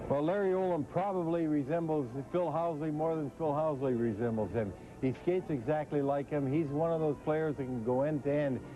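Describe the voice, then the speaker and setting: A man giving hockey analysis as a guest on a televised preview, earnest and measured, on dull lo-fi TV audio. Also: on the high side, dark tone. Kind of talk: TV studio analysis.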